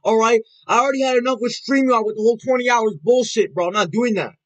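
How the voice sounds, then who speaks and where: A young man livestreaming, chatting casually and rambling, swearing a lot, with loud excited outbursts. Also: very high-pitched, fast.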